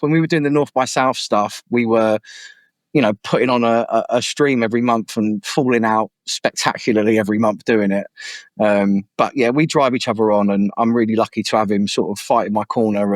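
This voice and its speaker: A young man talking fast and with energy, an MC who tells his stories casually and takes on the voices of the people he quotes. His voice sits at a middle pitch and sounds close and dry, with almost no room around it. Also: no room sound. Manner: animated, acts out quoted voices. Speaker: MC and guest artist. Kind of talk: casual interview storytelling. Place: podcast studio.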